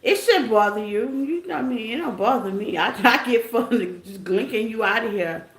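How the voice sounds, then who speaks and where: A woman's voice: on the high side, animated, normal speed. A woman giving a casual live tarot reading, playful and teasing, laughing often and chatting with her listeners. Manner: chatty, calls listeners y'all and baby. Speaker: tarot reader. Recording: echoey room with background noise.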